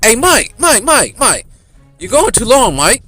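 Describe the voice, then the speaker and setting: A man voicing a pushy male TV sports co-host who nags and interrupts in a high, loud voice. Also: very animated, measured pace, no echo, faint music behind, exaggerated voice. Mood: nagging.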